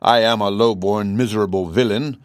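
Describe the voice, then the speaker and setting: A frightened, sleepy servant gnome answers his king in a meek, low-key voice, as a man reading the story puts him on. It is a dry, close storybook reading. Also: a little fast, no echo, lightly acted. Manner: meek, plain replies. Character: timid, weary male gnome steward. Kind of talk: audiobook character reading.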